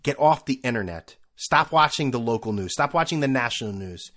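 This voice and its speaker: A man's voice: mid-range voice, lively intonation, a little fast, a bit bright. A young adult man hosting his own podcast alone, rambling casually with sarcastic, self-mocking asides. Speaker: podcast host. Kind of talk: casual solo podcast monologue.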